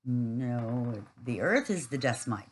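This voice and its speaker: A woman's voice: extremely low pitch, animated, takes it slowly, breathy edge, rough recording. A woman giving a rambling, casual spiritual monologue, earthy and swearing freely.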